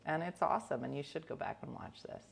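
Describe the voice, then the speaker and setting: A woman hosting a casual chat show, joking with viewers, switching between mock announcements and quiet asides. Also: low-pitched, expressive, fast, gravelly. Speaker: host.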